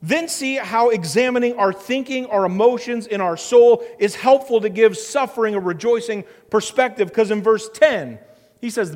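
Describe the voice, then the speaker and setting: A man's voice: sits high, expressive, moderate pace. A man preaching a sermon as pastor, earnest, with a repetitive preaching cadence. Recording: long hall reverb.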